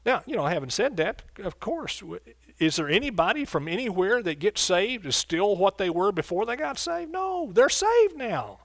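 A man's voice: high-pitched, very animated, moderate pace, gravelly, fairly bright tone, no echo, studio quality. A man pastor preaching a sermon, often calling out questions to the congregation. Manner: preacherly call-and-response, asks congregation questions.

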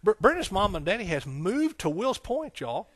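A man's voice: sits high, big pitch swings, moderate pace, husky. A man preaching a folksy, conversational sermon, with frequent amens and hallelujahs. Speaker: pastor.

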